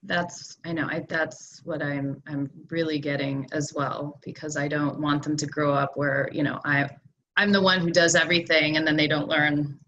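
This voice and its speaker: A woman's voice: sits low, level tone, moderate pace, a bit bright, highs cut off, slight background noise. A mother being coached on a call, talking hesitantly with fillers and restarts. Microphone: video or phone call.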